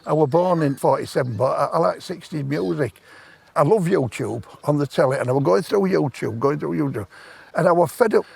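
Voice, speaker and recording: Older guy rambling on a park bench, gravelly and a bit high. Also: expressive, fairly quick, darkish tone. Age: 70s. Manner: plain-spoken, rambling, dialect grammar. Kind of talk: casual storytelling.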